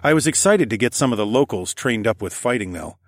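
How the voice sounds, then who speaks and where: A man narrating an audiobook in the first person, in a calm, even, low-key way. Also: fairly quick, no echo, clean studio sound.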